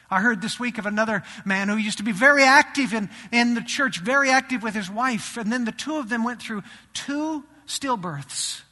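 A man delivering a sermon with a high, very bright and piercing voice. He swings between loud, animated preaching and hushed lows. The sound carries a long reverb from a church hall. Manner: animated preaching, rising and dropping his voice for emphasis. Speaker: pastor. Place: church sanctuary.

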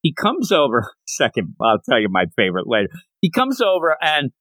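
A man's voice: medium pitch, dry recording. Podcast host guy recapping manga chapters, bouncy voice all over the place, dry close sound. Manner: animated retelling of scenes, slipping into quick character voices. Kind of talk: casual manga discussion podcast.

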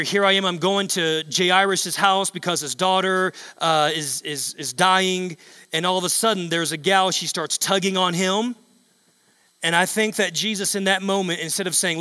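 A male pastor preaching a sermon in a large church hall, emphatic and repetitive, building up to shouts. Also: high-pitched, normal speed.

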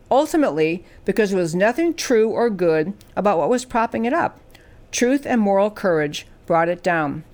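A woman hosting a political talk show, speaking emphatically and asking rhetorical questions. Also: mid-range voice. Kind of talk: political commentary.

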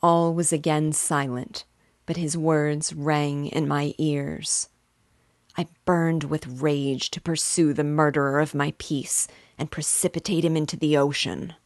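A woman hosting a read-along, reading a classic novel aloud in a measured, clear way. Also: low-pitched, fairly even intonation, no room sound, studio quality.

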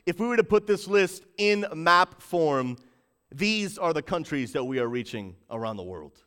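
A man preaching to a livestream church audience, building hype and calling on the chat to respond, swinging from loud bursts to low, intent emphasis. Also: very animated, normal speed, clean tone, big-room sound. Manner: rises to shouting in bursts, drops low to stress points. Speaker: pastor.

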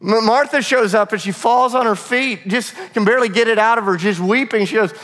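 A man's voice: high-pitched, brisk, fairly bright tone, in a large hall. A male pastor preaching a sermon in a conversational, earnest way, often restarting his phrases.

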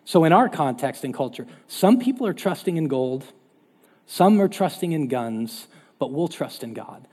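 At a moderate pace, a man preaches a spirited, chatty sermon as pastor. His mellow, husky voice sits somewhat high and swings in pitch, trailed by a long reverb from the hall.

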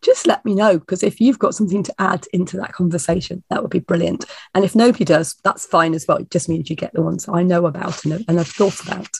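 A woman minister, croaky and hoarse from a cold, her voice gravelly and husky. She talks to her congregation in a chatty, reassuring way, with plenty of ums, and the sound is dry and close. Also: on the low side, fairly even intonation, quick pace, few pauses, a little mellow, no room sound. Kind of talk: informal sermon introduction.

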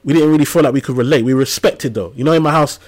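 A man in his thirties, talking as a podcast guest. He speaks in an animated, storytelling way, full of casual slang and everyday asides, at a mid pitch for a man. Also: fast talker. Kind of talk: casual conversational interview.

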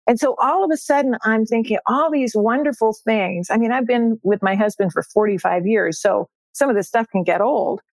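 A woman's voice: on the high side, normal speed, hardly any pauses, dry recording. An older woman, a success coach, speaking as a podcast guest in an upbeat, emphatic way and repeating her key phrases. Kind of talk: podcast interview.

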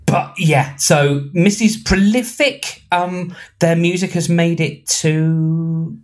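A man's voice: a little high, slow pace, a little mellow. A man hosting a casual podcast chat, rambling and self-mocking, with many ums and restarts. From England. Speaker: podcast host.

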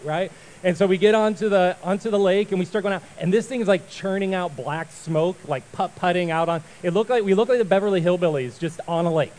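A male pastor giving a sermon, telling a story with lively acted-out voices before turning to prayer. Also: high voice, poor audio. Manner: animated storyteller, acts out voices and shouts.

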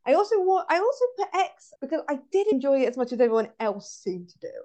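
A woman with a West Country English accent, co-hosting a podcast and chatting casually about films, animated and ranting with frequent laughs. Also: high voice, fast. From West Country, England. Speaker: podcast co-host. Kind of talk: casual film chat. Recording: dull lo-fi audio.

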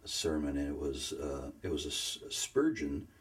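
A man telling his faith story in a casual conversation, earnest and emotional, often pausing to search for words. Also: very deep voice, lively intonation. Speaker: guest sharing faith story.

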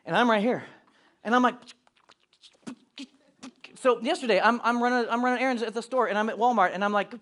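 Pastor, male, high-pitched, animated sermon delivery with acted-out asides. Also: fast talker, long pauses.

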